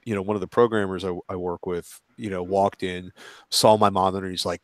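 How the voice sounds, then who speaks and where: Low-voiced rambling man on a tech panel. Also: brisk, no room sound. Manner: rambling, animated asides with acted-out quotes. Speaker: panel guest. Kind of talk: casual panel discussion.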